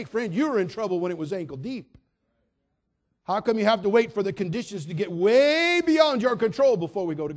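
A man preaching a sermon, addressing his listeners directly and acting out the people in his story. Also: high-pitched. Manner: dramatic, swings from quiet asides to shouts; acts out quoted voices, addresses listeners directly.

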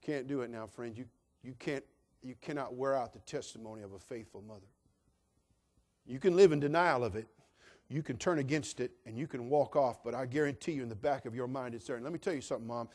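A pastor preaching a sermon in a folksy, emphatic style, swinging between hushed asides and loud declarations. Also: male voice, mid-range voice, brisk.

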